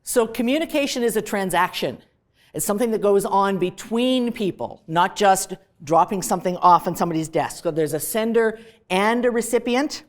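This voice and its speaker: A woman professor with a Canadian accent lecturing a class in a classroom, lively and emphatic, stressing words for effect. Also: mid-range voice, moderate pace.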